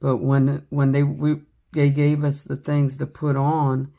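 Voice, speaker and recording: Gravelly woman chatting. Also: low voice, completely flat delivery, takes it slowly, dark tone. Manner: chatty storytelling with many ums. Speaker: resin craft vlogger. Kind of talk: casual rambling chat.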